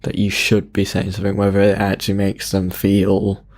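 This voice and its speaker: A man's voice: sits low, monotone, moderate pace, darkish tone. A man co-hosting a podcast, talking hesitantly with dry, self-deprecating jokes. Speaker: podcast co-host. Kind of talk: casual podcast chat.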